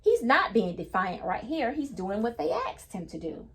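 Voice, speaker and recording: A woman's voice: on the high side, big pitch swings, normal speed, a little hiss or hum. A woman reading a picture book aloud to children, patiently stopping to explain each new word in simple terms. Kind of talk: children's read-aloud lesson.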